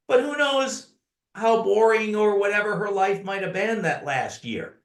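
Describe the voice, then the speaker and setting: An earnest man telling personal stories as an interview guest. His voice sits a little high for a man. He is recorded in a roomy, echoey space. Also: expressive, measured pace. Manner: earnest storyteller who addresses the host by name. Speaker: podcast guest, author. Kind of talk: conversational storytelling.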